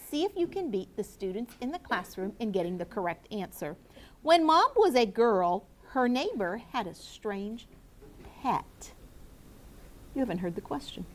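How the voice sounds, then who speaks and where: A woman teacher leading a grammar review with her class, patiently asking questions and calling on students by name. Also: fairly high pitch. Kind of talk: classroom lesson to students and viewers.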